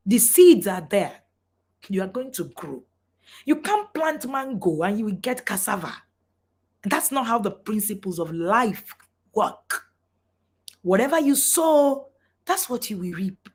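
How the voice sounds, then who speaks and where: A woman's voice: medium pitch, expressive, normal speed. A middle-aged woman, a parent coach giving a passionate motivational talk, swinging between emphatic lines and near-whispers.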